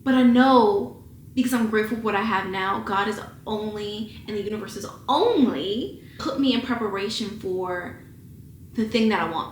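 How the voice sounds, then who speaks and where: A woman in her twenties, with a fairly high voice, talks straight to camera at home like a big sister giving a pep talk. She is candid and emotional and swears casually. The sound is echoey, with a faint hiss behind her. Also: a bit bright. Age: 20s. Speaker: vlogger. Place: at home, indoors.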